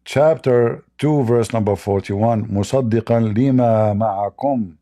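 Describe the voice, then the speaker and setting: A man's voice: mid-range voice, normal speed, long pauses, mellow. A man hosting a live debate stream, mocking and combative, speaking in broken English. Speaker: debate host.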